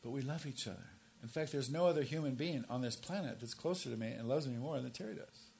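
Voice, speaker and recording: A man in his sixties preaches as pastor with a middle-pitched voice. He punches key phrases loud and high, then drops to soft, low asides. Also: fast talker, gravelly, breathy edge. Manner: emphatic, rises to forceful stresses then drops low and quiet. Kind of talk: sermon.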